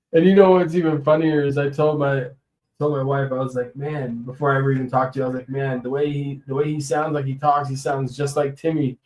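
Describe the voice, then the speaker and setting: A man's voice: mid-range voice, little pitch movement, brisk, a little mellow, low-quality recording. A man chatting casually on his own livestream, rambling and laughing often as he shows off coins. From US West Coast. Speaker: livestream host. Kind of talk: casual live-stream chat.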